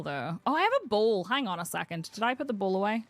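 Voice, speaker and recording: A woman's voice: medium pitch, lively intonation, fast, few pauses, soft background music. Chatty Northern Irish woman streamer. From Northern Ireland. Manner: chatty, rambling, laughs often. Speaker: variety streamer. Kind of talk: casual live-stream commentary.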